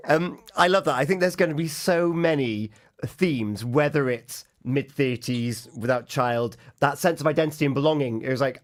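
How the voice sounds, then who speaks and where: A man's voice: mid-range voice, normal speed. A man hosting a breakfast radio show, chatting casually with a guest and laughing easily.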